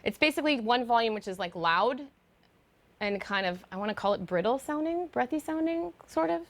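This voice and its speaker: A woman's voice: a little high, expressive, a little fast. Chatty woman vocal coach. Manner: chatty, explains with fillers and demonstrations. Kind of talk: online singing lesson.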